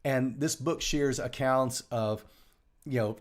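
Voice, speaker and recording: A middle-aged man, hosting a live home stream in a rambling, joking way. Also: medium pitch. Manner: joking, rambling, quick swings between loud bursts and quiet asides. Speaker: host of a daily live show. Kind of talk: casual live-stream chat. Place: home room. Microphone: live stream over home internet.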